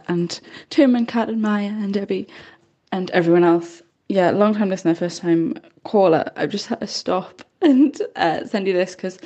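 A woman with a mellow voice leaves a friendly voice message. She tells a short story with easy amusement. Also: mid-range voice, highs cut off. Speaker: first-time caller. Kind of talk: recorded voice message.

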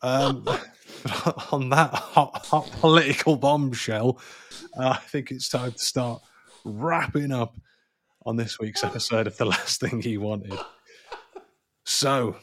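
Podcast host, crude joking banter, mid-range voice, loose and casual. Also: male voice, mid-range voice, takes it slowly, a little hiss or hum. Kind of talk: casual film podcast chat.

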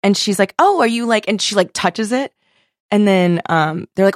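A young woman in casual chat, telling a story with lively quoted voices, frequent laughter and casual swearing. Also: medium pitch, moderate pace, dry recording, clean studio sound. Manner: animated storytelling, acts out quoted people, laughs often, swears.

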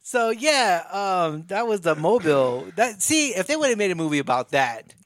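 A man joking through casual podcast banter, his voice sitting high and bouncing all over. He laughs often and swears freely as he riffs. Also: very animated, moderate pace, a bit bright, no echo, studio quality. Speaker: podcast co-host.

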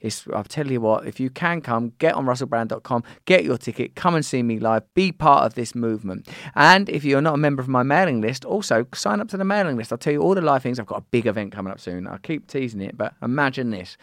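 A man's voice: mid-range voice, lively intonation, quick pace, few pauses, a bit bright, no echo, clean studio sound. A man hosting a podcast, reading out listener comments in a playful, teasing, theatrical way. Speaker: podcast host.

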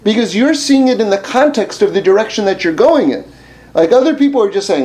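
Man, high voice, casual storytelling, lots of "like" and "you know", animated. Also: a little fast. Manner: animated, rising high and loud when making a point; frequent fillers and restarts. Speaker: speaker telling a story with a lesson.

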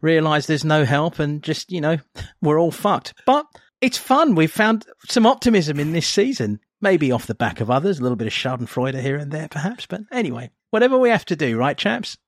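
A man's voice: a little high, brisk, few pauses, no echo. A man hosts a casual football chat, his voice leaping up and down as he wanders off into asides. He talks in a bouncy, laughing way. The sound is close and dry, with no room around it. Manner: animated, laughing, rambling asides. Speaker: podcast host.

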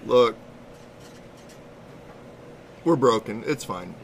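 A man co-hosting a podcast, telling a story in casual, profane, animated chat. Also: medium pitch, drawn-out words, gravelly, a little hiss or hum. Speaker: podcast co-host.

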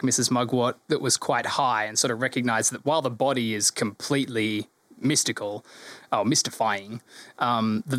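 A man narrating as game master of a tabletop game, relaxed and descriptive. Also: mid-range voice, dry recording.

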